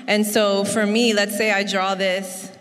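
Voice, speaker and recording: A woman's voice: medium pitch, level tone, unhurried, fairly bright tone. A woman co-leading a sermon in a chatty, conversational way with many fillers. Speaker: co-speaker at a sermon. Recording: long reverb in a large church hall.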